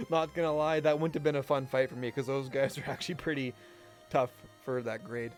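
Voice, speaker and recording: On a live stream, a young man with a medium-pitched voice tells a casual story at a measured pace, pausing often. He's animated, swears a lot, and laughs frequently, with faint music in the background.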